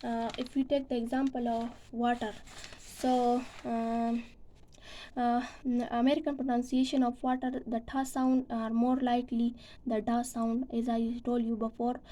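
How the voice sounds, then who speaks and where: A woman's voice: a little high, level tone, unhurried, dark tone, a little hiss or hum, low-quality recording. A woman giving a class presentation, speaking hesitantly with many fillers and restarts. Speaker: student presenter.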